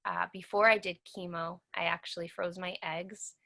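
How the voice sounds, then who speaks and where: A woman in her thirties with a bright, clear voice speaks as an interview guest. She tells her story in an earnest way. She acts out the lines other people said to her. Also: lowish voice, level tone, normal speed.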